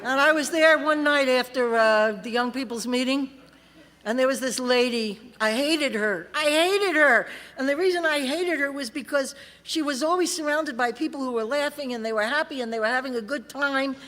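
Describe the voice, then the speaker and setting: A woman's voice: sits high, normal speed, a bit bright. Blunt, wry woman telling her story. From California. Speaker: recovery meeting speaker. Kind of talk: personal story told to a convention audience. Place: large convention hall. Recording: reverberant convention hall.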